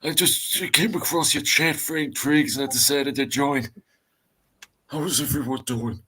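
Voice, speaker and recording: A man's voice: medium pitch, fairly even intonation, a little slow, sharp tone, breathy edge, pitched above the performer's own voice. A man putting on the voice of a cheeky old man who greets the chat and teases his friends. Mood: jovial. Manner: wheedling, teasing, begs for kisses. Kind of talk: casual stream banter.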